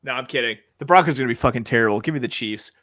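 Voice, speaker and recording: A man's voice: mid-range voice, rapid-fire, fairly bright tone. A man co-hosting a podcast, making football picks in casual, jokey chat and swearing now and then. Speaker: podcast co-host.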